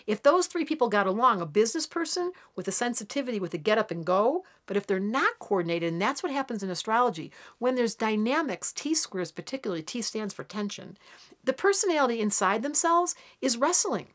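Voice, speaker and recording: A woman astrologer giving a daily horoscope in a chatty, animated way, acting out voices for the planets now and then. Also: on the high side, brisk. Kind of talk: daily horoscope talk to camera.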